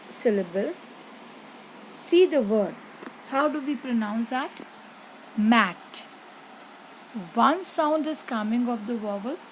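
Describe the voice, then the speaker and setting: A woman teacher talks through a grammar lesson at a very slow, careful pace. Her voice sits a little high, and she often stops to ask her pupils a question. A faint hiss of noise runs under the recording. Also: darkish tone, poor audio. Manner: slow, deliberate, repeats words and asks pupils questions. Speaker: English teacher.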